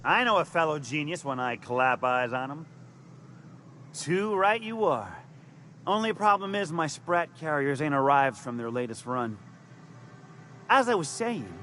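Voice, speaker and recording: A slick male con man in a video game who pitches crooked schemes in folksy slang. His voice sits a little high and swoops up and down as he sells. He stammers and backpedals whenever someone catches him out, and faint game music plays behind him. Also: very animated, unhurried, fairly bright tone. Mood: scheming. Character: fast-talking male con man selling shady schemes. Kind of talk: video game character dialogue.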